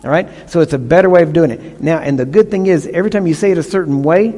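A man's voice: fairly high pitch, fast talker, dark tone, in a large hall. A male pastor preaching a sermon, teaching emphatically and often checking in with the congregation.

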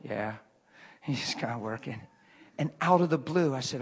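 A man preaching and telling a story from his working life, moving from hushed murmurs to loud, excited bursts. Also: mid-range voice, moderate pace, husky. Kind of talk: sermon storytelling.

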